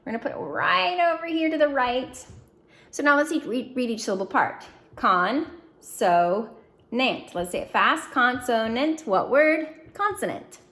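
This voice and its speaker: A woman's voice: high voice, lively intonation, pushed and bright. Encouraging woman teaching phonics. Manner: slow, clear, encouraging drill prompts. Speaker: reading teacher. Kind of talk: phonics lesson to young students.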